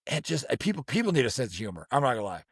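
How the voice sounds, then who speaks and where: A man's voice: mid-range voice, big pitch swings, racing, breathy edge, no room sound, clean studio sound. A man co-hosting a podcast in casual chat, joking and rambling with frequent restarts. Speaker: podcast co-host.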